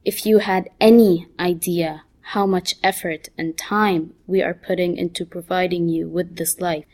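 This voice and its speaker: A strict middle-aged mother speaks in a calm, steady, unhurried voice, read by a woman. Her tone stays firm and measured, set a little low. Every word lands slowly and deliberately. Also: natural voice. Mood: stern. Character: stern, controlled middle-aged mother lecturing her son.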